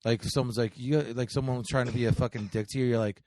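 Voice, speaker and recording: A man's voice: medium pitch, steady tone, quick pace, a little mellow, no room sound. A man co-hosting a podcast, telling a story in a rambling, profane way full of fillers. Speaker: podcast co-host. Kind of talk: casual chat.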